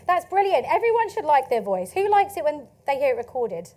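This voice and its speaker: A woman with an Essex accent giving a lively, chatty conference talk, asking the audience questions and laughing often. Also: sits high, fairly quick, hardly any pauses. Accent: Essex English. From England. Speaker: conference speaker. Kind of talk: keynote talk to a live audience. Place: conference stage.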